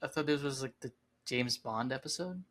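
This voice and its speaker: Male podcast co-host, easygoing, rambling, mid-pitched voice. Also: moderate pace. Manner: relaxed, rambling with many "like" fillers. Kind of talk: casual podcast chat.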